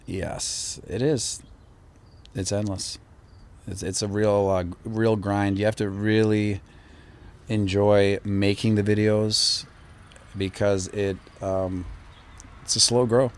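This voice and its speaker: Male streamer host, lowish voice, casual and rambling, answers viewer comments live. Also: takes it slowly, pauses often, slight background noise. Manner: relaxed and rambling, with frequent fillers and restarts. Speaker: crypto channel host.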